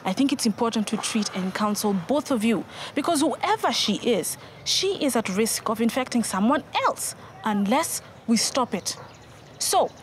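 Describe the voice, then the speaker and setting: An actress playing a firm, instructive health worker in a TV drama. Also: female voice, on the high side, slight background noise. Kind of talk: TV drama acting.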